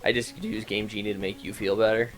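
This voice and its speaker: A man's voice: on the low side, flat delivery, quick pace, poor audio. Man, co-host, jokey trash talk, casual gaming banter, faint music. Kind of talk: casual let's-play banter.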